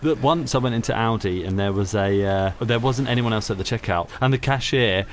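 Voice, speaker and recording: Co-host, man, mid pitch, teasing and animated, faint ambient hiss. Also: fairly quick. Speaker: podcast co-host. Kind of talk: casual podcast chat.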